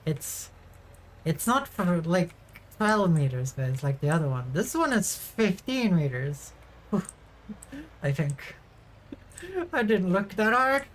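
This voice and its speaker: A woman's voice: on the low side, animated, slow pace, pauses often. Chatty woman streaming a farming game. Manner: chatty, talks to chat, casual swearing. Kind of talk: casual gameplay commentary.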